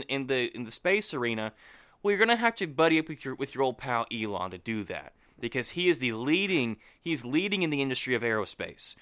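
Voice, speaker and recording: Animated ranting man, bright voice. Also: a little high, clear, resonant tone, dry recording, clean studio sound. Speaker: podcast co-host. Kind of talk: casual political chat.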